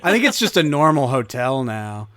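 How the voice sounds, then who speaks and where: A man's voice: mid-range voice, very animated, moderate pace, fairly bright tone. A man hosting a casual podcast chat, joking and laughing often. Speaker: podcast host.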